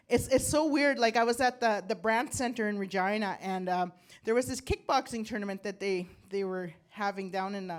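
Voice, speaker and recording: An older woman performing a stand-up comedy set, rambling and self-deprecating, laughing at her own jokes, coughing from bronchitis, on a handheld mic. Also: medium pitch. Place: comedy club stage.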